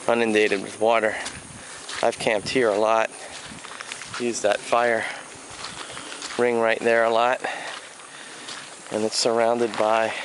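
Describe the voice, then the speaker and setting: A man narrating his hike through a flooded riverside preserve in an unhurried, plainspoken way. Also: fairly low pitch, background noise. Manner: unhurried, plainspoken, grumbles about litter. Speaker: hiking vlogger. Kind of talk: casual outdoor narration. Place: outdoors by a river in a nature preserve. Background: insects and crickets, rural ambience.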